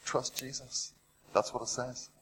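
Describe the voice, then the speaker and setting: A man preaching a sermon. He retells stories with rising drama, asks the listeners rhetorical questions and drops to a hush on heavy points. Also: mid-range voice, steady tone, measured pace, breathy edge, low-quality recording.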